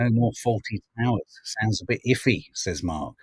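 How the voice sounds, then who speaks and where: A man's voice: fairly low pitch, wildly swooping pitch, moderate pace, a little hiss or hum, poor audio. A man hosting a podcast, chatting wryly about news stories and reading out viewer comments. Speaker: podcast host reading the papers. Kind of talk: casual chat.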